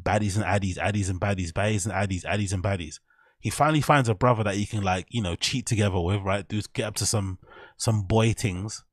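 A man's voice: on the low side, fairly quick, dry recording, studio quality. A man hosting casual reaction commentary, mocking and profane as he rambles over clips. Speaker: commentary channel host.

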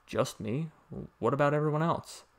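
A man's voice: a little high, normal speed, voice pushed up, natural voice. A man voicing a recently deceased man in his forties, asking uncertain, bewildered questions. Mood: puzzled.

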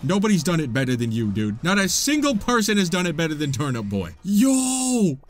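A man doing casual gameplay commentary, excitable and yelping, cutting off his swearing. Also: a little high, moderate pace. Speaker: gaming YouTuber.

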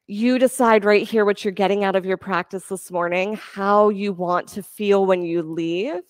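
A woman yoga instructor giving calm, encouraging cues for breath and poses during a class. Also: medium pitch, moderate pace, no room sound, studio quality.

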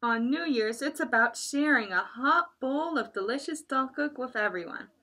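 A woman voicing a kind, wise old grandpa bear in a children's story, speaking gently and reassuringly. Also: high voice, animated, moderate pace, voice pushed up, exaggerated voice. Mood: gentle.

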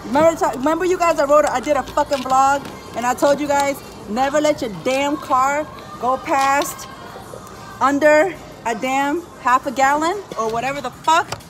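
A woman's voice: high voice, moderate pace, music in the background. A woman vlogging outdoors at night near a gas station, cursing, scolding herself and bluntly lecturing her viewers. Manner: profane, self-scolding venting. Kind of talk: casual vlog monologue. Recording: outdoor traffic noise.

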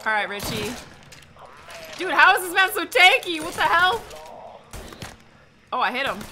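A young woman streaming a game, chatting casually with loud, excitable outbursts. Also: extremely high pitch, unhurried, long pauses. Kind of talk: live gameplay commentary. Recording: stream audio with background noise.

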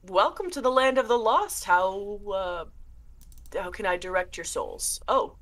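A woman's voice: mid-range voice, unhurried, fairly bright tone, close to an everyday voice. A woman doing Blasphemy, a polite giant shade. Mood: courteous. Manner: overly polite, grandly formal. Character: huge top-hatted male shade, courteous and sinister.

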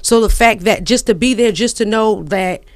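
A woman guest on a studio microphone, telling her story in excitable, profane bursts. Her voice sits mid-height and the room around her is dry and close. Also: mid-range voice, normal speed, dry recording. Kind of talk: animated storytelling on a radio show. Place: radio studio.

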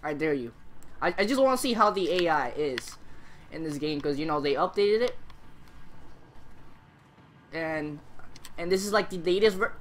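A man's voice: fairly high pitch, moderate pace, long pauses, a little hiss or hum. Chatty young man with a cold. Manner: excitable, chatty, talks to the game. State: under the weather, coughing. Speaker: gaming channel host. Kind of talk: casual let's-play commentary.

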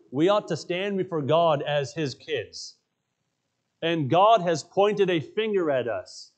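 Emphatic preaching man, slightly high voice. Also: darkish tone. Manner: emphatic storytelling, repeats key phrases. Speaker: pastor. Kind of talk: sermon. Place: church sanctuary.

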